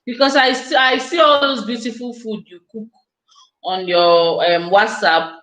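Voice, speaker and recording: A woman's voice: on the high side, steady tone, unhurried, fairly bright tone, roomy sound, low-quality recording. A woman hosting a casual live stream, chatting effusively and speaking straight to her viewers.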